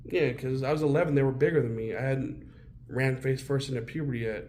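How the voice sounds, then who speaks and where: A man's voice: medium pitch, steady tone, a little fast, a little mellow, a little hiss or hum. A man as an interview guest, telling his own story bluntly and with heavy swearing. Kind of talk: candid personal storytelling.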